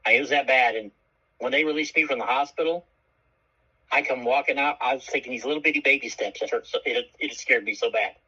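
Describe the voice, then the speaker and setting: A man co-hosting a radio show tells a story with a bright, edgy, slightly husky voice, cursing freely and acting out each person he quotes. The broadcast sound is dull and muffled. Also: medium pitch, fast talker. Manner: animated, profane, acts out quoted voices. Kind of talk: casual storytelling chat.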